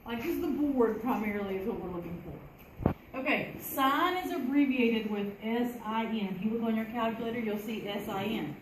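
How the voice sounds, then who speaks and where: A female math teacher leads a classroom lesson in a conversational way, asking the class questions. She speaks at a moderate pace with a fairly high voice, in an echoey classroom with faint room noise.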